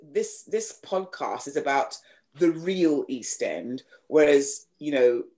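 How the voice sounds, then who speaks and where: A woman from the East End of London with a slightly posh London accent, a singer hosting a casual podcast chat, halting and repeating words as she talks. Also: low-pitched, lively intonation, mellow. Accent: London, slightly posh with a Cockney edge. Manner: halting, repeats words, many 'you know's.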